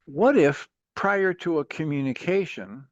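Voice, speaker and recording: A man hosting a call-in talk show, giving earnest, patient advice in a steady counseling manner. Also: on the high side, unhurried, no room sound, muffled recording. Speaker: radio talk show host, coach.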